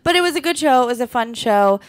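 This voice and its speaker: A woman comedian co-hosting a podcast, telling a story in casual chat, animated, blunt and profane. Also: high voice, quick pace.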